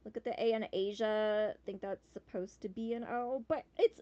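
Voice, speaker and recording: A woman's voice: medium pitch, normal speed, few pauses, warm tone. A woman giving casual, chatty commentary while playing a game demo, talking with bursts of swearing and playful silly noises. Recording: slightly dull lo-fi sound.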